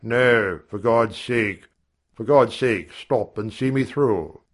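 A man voicing an agitated former army major, a gentleman who speaks urgently and emphatically, pleading in a read-aloud story. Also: mid-range voice, slow pace, lightly acted. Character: agitated middle-aged male gentleman, ex-army major, cornered.

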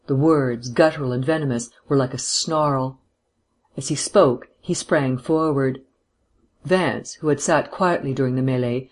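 A man narrating a classic detective novel in a measured, even reading voice, giving the characters quiet voices. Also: medium pitch. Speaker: audiobook narrator.

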